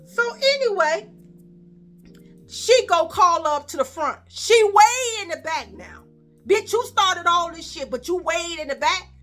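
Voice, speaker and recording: A woman with a Chicago accent tells a story straight to the camera, loose and profane. She jumps into the voices of the people in it as she goes. Her voice sits high and bright. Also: a little slow, faint music behind. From Chicago, USA. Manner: animated, profane, acts out quoted voices. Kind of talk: casual storytime.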